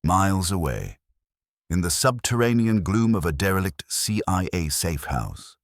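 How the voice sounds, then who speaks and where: A man's voice: sits low, no echo, studio quality. A man giving brooding, theatrical scripted narration of a story.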